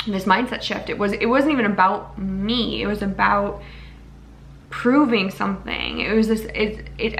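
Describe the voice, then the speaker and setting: A woman's voice: medium pitch, creaky, fairly bright tone, a little hiss or hum. A young woman vlogging to camera in an earnest, rambling, emotional way. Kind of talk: casual talking-to-camera vlog.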